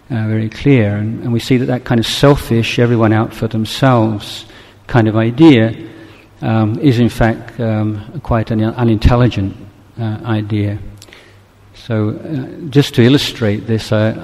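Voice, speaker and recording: A male Buddhist teacher gives a dharma talk in a low, even, unhurried voice, gentle and reflective and often pausing to find his words. His speech carries a long reverb, as if in a large hall.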